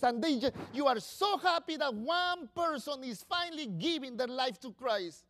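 A man preaching a sermon, swinging between loud bursts and quiet asides. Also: very high-pitched, sing-song, normal speed, hardly any pauses. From Latin America.

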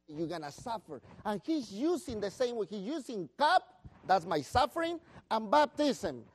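A man preaching a sermon, telling the story with animation and acting out the disciples' voices, with some non-native phrasing. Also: high-pitched.

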